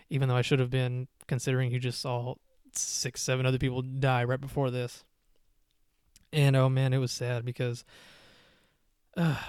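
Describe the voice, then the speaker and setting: A man rambles through a casual movie review on his podcast, circling back with ums and half-finished phrases. His voice is smooth and resonant at a middle pitch. It sits close and dry, with no room sound around it. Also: a little mellow, no room sound. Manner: rambling, many fillers and restarts. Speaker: podcast host.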